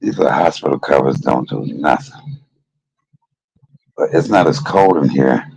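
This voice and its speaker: A man's voice: rumbling low, lively intonation, a little slow, creaky, darkish tone, breathy edge, rough recording. A man hosting a casual livestream from a hospital room, joking and loose with some profanity. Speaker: livestream host.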